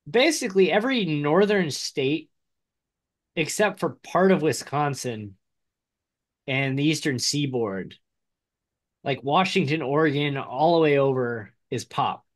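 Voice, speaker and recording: Animated chatty man with a slight Midwestern accent. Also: on the high side, a little slow, pauses often. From Midwest United States. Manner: chatty, laughs often, animated, rambling. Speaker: podcast co-host. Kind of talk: casual chat.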